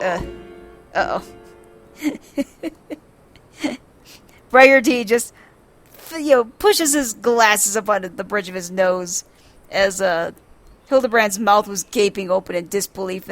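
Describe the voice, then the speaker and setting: Giggly woman narrating a game slowly. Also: mid-range voice. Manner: laughs often, swears, describes scenes excitedly. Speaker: let's play host narrating a game for blind viewers.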